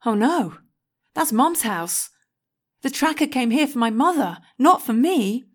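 A woman voicing a frightened teenage girl who pleads in a high, strained, urgent voice. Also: big pitch swings, takes it slowly, exaggerated voice. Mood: alarmed.

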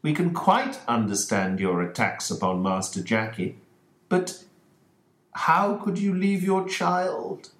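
A man voicing a calm, precise detective who explains things in a measured way, in an audiobook story. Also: a little high, voice pushed up, exaggerated voice. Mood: explaining. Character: calm, precise male detective, middle-aged. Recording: roomy echoing recording.

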